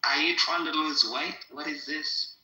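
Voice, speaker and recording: A man's voice: on the high side, steady tone, a little slow, pushed and bright. A man teasing and joking brashly in a casual chat, swearing freely. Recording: roomy echo.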